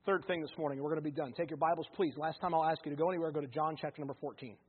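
High-voiced fervent preacher, phone-thin sound. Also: male voice, steady tone, racing, breathy edge. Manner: swings from loud fervent preaching to quiet intimate asides. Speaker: pastor. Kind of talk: sermon. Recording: phone-like narrow band.

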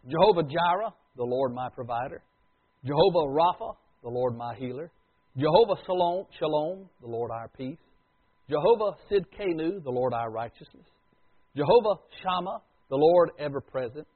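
A husky, slightly high-voiced man preaches, swinging between booming declarations and near-whispered asides. The sound is thin and tinny, like a phone line. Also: lively intonation, moderate pace. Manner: dramatic swings from loud to hushed. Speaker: pastor. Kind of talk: sermon.

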